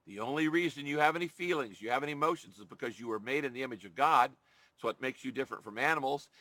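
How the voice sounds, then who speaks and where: A man's voice: mid-range voice, bright, forceful tone, no room sound. A man preaching a sermon, earnest and emphatic, repeating phrases for stress and acting out heartfelt prayers. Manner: acts out prayers in a pleading voice.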